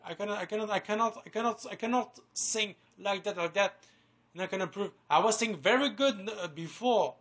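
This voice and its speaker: Bright-voiced rambling man, boastful vlogger. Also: sits high. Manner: rambling, repeats words, swears a lot, boastful. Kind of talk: rambling casual vlog.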